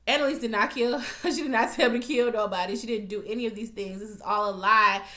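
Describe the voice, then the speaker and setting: A woman with a slightly high voice rants through a TV episode recap. She talks straight to her viewers, blunt and profane, with plenty of animated asides. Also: quick pace, reverberant. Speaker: TV recap vlogger. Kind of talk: casual profane recap rant.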